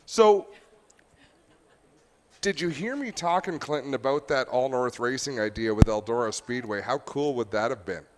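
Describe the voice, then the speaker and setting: Man, mid-pitch voice, joking race announcer, lively banter, headset mic. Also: moderate pace, a little hiss or hum. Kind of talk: casual booth commentary.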